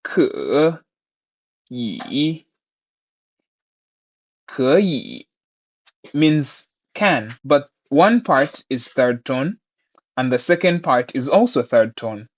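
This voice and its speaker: A man teaching Mandarin pronunciation, saying each word twice and explaining it clearly. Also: mid-range voice, lively intonation, takes it slowly, muffled recording. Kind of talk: pronunciation lesson.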